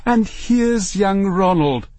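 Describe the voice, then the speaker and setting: A man's voice: sits high, expressive, a little mellow, dry recording, voice pushed up. A man doing a haughty, prim mother. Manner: prim, condescending, drawn-out. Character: bossy pretentious mother, middle-aged woman.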